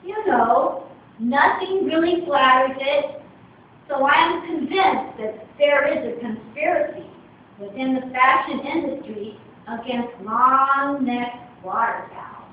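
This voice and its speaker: A woman's voice: sits high, slow pace. A woman voicing a fussy, vain female goose in a storybook reading. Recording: echoey room from far, dull lo-fi.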